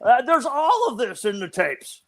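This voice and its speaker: A man's voice: extremely high pitch, huge pitch swings, unhurried, gravelly, fairly bright tone. An older man, a researcher guest in an interview, explaining at length and often restarting his phrases.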